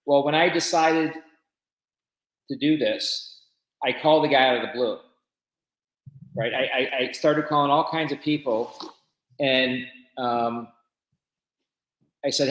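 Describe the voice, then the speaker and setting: A man's voice: mid-range voice, slow, long pauses, a bit bright, roomy sound, low-quality recording. A man, a business founder, tells his story casually in an interview and acts out the conversations he quotes.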